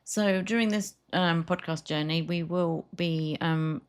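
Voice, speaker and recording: A middle-aged woman co-hosting a podcast, chatting casually and telling lively stories, acting out what customers said. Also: on the low side, a little slow, clean tone. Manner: chatty storyteller, acts out customers' lines. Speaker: podcast co-host. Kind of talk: casual chat.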